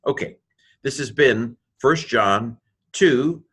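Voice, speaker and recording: A man teaching a recorded Bible lesson, musing aloud with many fillers and restarts and spelling out Greek letters slowly one by one. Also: medium pitch, fairly bright tone, breathy edge.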